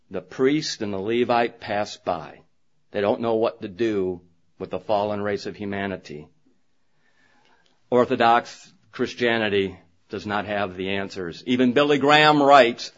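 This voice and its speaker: A man preaching to his brethren, telling a personal story in an animated way and acting out what others said. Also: medium pitch. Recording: dull lo-fi recording.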